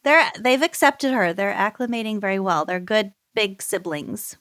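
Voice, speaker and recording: A woman's voice: mid-range voice, expressive, moderate pace, a bit bright, clear, resonant tone, dry recording, clean studio sound. A woman co-hosting a podcast in casual chat. She is easygoing and giggles often. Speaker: podcast co-host.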